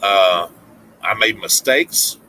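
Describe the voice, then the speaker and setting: An older man on a casual vlog, talking in a halting, emotional way. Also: on the low side, sharp tone, a little hiss or hum, poor audio. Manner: choked up, halting, reading a letter aloud. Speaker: vlogger.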